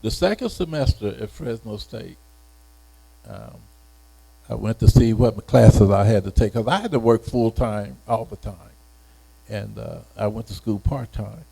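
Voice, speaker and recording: A man in his eighties, a retired educator, telling a personal story in an unhurried, halting way, often repeating words. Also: lowish voice, lively intonation, creaky, warm tone, slightly rough, rough recording. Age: 80s. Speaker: retired educator being interviewed.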